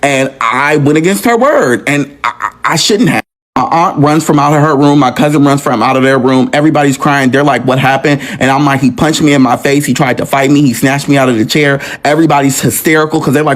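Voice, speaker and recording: A man's voice: medium pitch, fairly quick. A young man recounts his own hard family story. He sounds earnest and raw, and he hammers points home by repeating them. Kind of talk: emotional personal storytelling.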